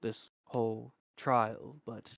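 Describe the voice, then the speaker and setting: A man voicing a composed male court official who speaks in a formal, measured way. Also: medium pitch, little pitch movement, vocal fry, dry recording.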